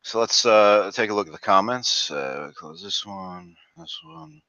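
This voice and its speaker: A man's voice: on the low side, lively intonation, unhurried, sharp tone, no echo. A man doing a reaction commentary vlog, ranting crudely and rambling with fillers and restarts. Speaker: video commentator. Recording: dull lo-fi dry recording.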